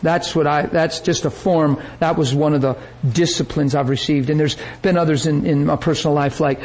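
A man preaching a sermon, telling a story with lively energy and acting out the people he quotes. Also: a little high, normal speed, rough recording.

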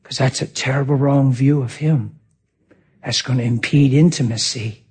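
A man's voice: mid-range voice, moderate pace, husky. A man preaching a sermon, telling a personal story with lots of energy and acting out what people said. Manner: animated, acts out quotes, laughs often.

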